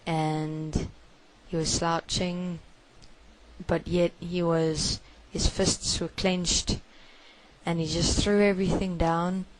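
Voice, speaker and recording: A woman giving a first-person spoken confession, halting and hushed, with many repetitions. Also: on the low side, level tone, slight background noise, poor audio.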